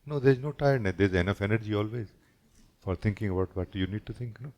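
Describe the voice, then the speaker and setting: A man, a spiritual teacher, giving a gentle and reflective satsang talk, often closing his sentences with a questioning "no?". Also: on the low side, quick pace.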